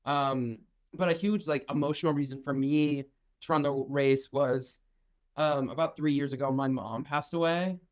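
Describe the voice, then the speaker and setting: A young man being interviewed as a winning contestant, speaking in halting phrases full of fillers. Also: on the high side, fairly even intonation, poor audio. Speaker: race winner guest. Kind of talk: emotional interview reflection.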